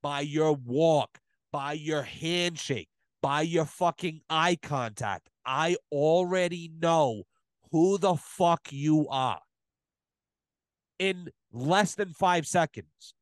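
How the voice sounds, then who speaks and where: Podcast guest, male, slightly high voice, dry close sound, swears constantly and tells stories with emphasis. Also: takes it slowly, clear, resonant tone, no room sound. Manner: profane, emphatic storytelling. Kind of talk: casual podcast chat.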